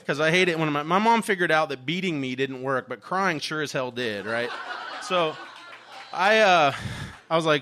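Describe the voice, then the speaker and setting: A man with a bright, forceful voice sitting a little high for a man tells a story from his own life. He is candid and animated, swears without a second thought and laughs along the way. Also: moderate pace. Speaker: teacher telling a personal story. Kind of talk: personal storytelling monologue.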